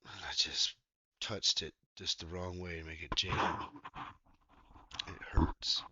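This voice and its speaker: A man streaming while gaming, chatting casually in a meandering way that keeps interrupting itself and sometimes breaks into sudden loud exclamations. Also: low voice, fairly even intonation, unhurried, muffled recording, slight background noise.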